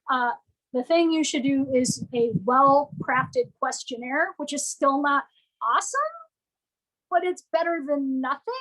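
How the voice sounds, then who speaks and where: A woman giving a lively, playful presentation to business owners, often acting out what customers might say. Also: high voice, poor audio.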